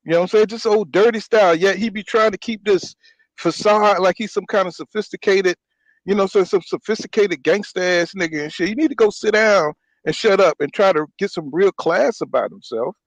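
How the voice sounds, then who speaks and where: Boxing podcast host, male, high-pitched, fired-up and slangy, recorded dry. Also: a little fast, no room sound, low-quality recording. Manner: ranting, repeats "you know what I'm saying". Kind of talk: heated casual boxing talk.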